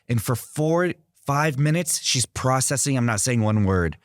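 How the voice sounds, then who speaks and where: A man's voice: medium pitch, expressive, measured pace, hardly any pauses, no echo, studio quality. A man as a guest in an interview, telling his stories earnestly. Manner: earnest storyteller. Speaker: guest artist. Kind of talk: interview conversation.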